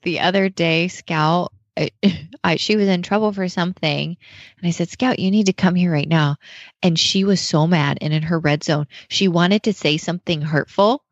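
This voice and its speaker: A woman host chats about her young daughter in a lively, storytelling way. Her voice sits a little low, and the recording is dry and slightly dulled. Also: moderate pace, dry recording, lo-fi sound. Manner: chatty storytelling with laughter. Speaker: podcast host and mother. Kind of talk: casual podcast chat.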